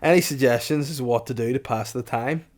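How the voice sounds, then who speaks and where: A man co-hosts a casual comedy podcast, telling crude stories and laughing often. His voice is mid-range and his delivery brisk.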